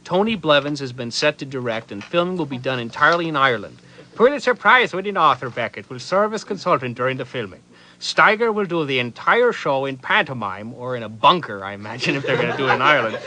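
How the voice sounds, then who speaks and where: A man's voice: on the high side, sharp tone, slight background noise, poor audio. A man on a live radio comedy show reading absurd news items in a mock-serious way and tossing off dry comebacks. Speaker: comedy troupe member reading a news article on air.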